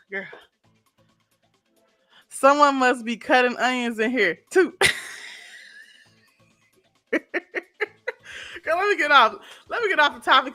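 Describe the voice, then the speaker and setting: A woman's voice: a little high, pushed and bright. A woman with a St. Louis accent chats emotionally with her viewers on a live stream and reads their comments aloud. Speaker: YouTuber hosting a live stream. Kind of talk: casual live-stream chat.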